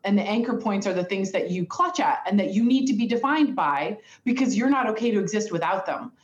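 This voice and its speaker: A woman talking in a quick, playful, enthusiastic way in a casual conversation over a video call. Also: medium pitch, expressive, roomy sound, muffled recording.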